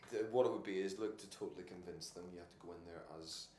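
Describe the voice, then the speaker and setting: A man, an actor and podcast guest, telling casual anecdotes in an animated way, laughing often and restarting his sentences. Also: low voice, fast talker. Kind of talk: casual anecdotal interview chat. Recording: echoey room with faint noise.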